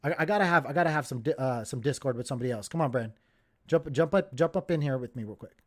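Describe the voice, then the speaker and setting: A man hosting a casual crypto livestream, giving excitable, jokey market commentary straight to his viewers. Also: mid-range voice, quick pace.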